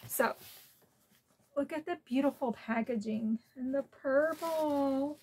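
Chatty emotional woman vlogger, slightly high. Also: takes it slowly, a little mellow. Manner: chatty and emotional, tearful at times. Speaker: collector channel host. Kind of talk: casual unboxing vlog. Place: at home.

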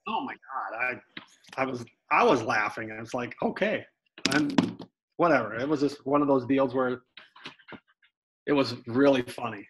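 A middle-aged man telling lively stories as a guest, a former baseball player. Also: mid-range voice, moderate pace, background noise. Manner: animated, lively storyteller. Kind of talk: storytelling anecdotes.

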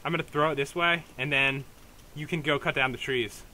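Rambling young man, bright tone. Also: fairly high pitch, fairly even intonation, brisk, slight background noise. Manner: rambling, hesitant, many fillers and restarts. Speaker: let's play host. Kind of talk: casual gameplay commentary.

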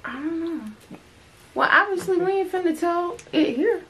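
A young woman chatting casually at home during an eating video, loud and teasing. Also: extremely high pitch, lively intonation, a little slow. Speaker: mukbang co-host. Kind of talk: casual chat. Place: home, indoors. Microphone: phone camera.

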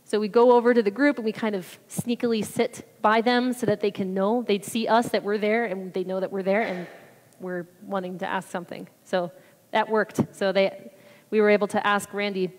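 A woman's voice: medium pitch, steady tone, moderate pace. A woman giving a chatty, rambling mission trip report at church, acting out what people said. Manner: chatty, rambling, acts out quotes. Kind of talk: casual testimony talk. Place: church sanctuary. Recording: reverberant hall.

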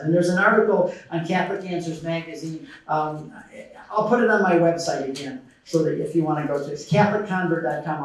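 A middle-aged man giving a conference talk and taking audience questions, telling stories and acting out quotes with animation. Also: high voice. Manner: lively storytelling, acting out quotes. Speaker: conference speaker. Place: large conference hall. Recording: echoey hall from far off.

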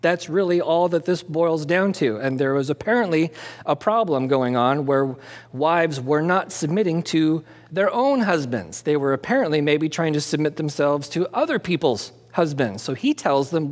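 Male pastor, slightly high voice, animated and chatty sermon, long hall reverb. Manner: conversational and animated, asking and answering his own questions; jokey asides. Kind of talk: expository sermon.

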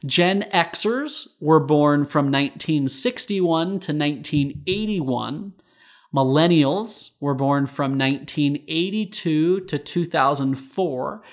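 Friendly young podcast host, slightly high voice. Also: male voice. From Utah. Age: young adult. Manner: upbeat, friendly, with fillers. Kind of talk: casual podcast chat and episode intro.

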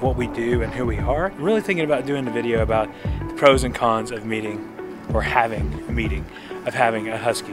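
A man's voice: mid-range voice, brisk, over music. A man hosting a casual vlog from home, chatty and rambling, often restarting his phrases. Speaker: vlog host.

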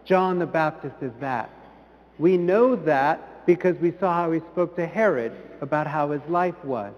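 A priest giving a sermon in an earnest way, rising to emphatic peaks and then dropping soft. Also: male voice, a little high, unhurried, long reverb tail, lo-fi sound. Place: church.

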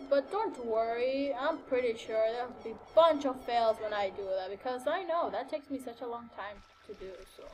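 A woman's voice: on the high side, moderate pace, few pauses, noisy background. Chatty young woman narrating gameplay. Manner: chatty and scattered, many fillers and exclamations. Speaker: gaming channel host. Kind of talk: casual let's-play commentary. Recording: faint game music behind.

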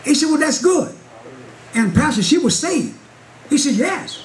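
A man preaching a Pentecostal sermon at a Bible study, telling a story and rising into shouts with call-and-response. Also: very high-pitched, big pitch swings, measured pace. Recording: congregation noise in a church hall. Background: congregation responding.

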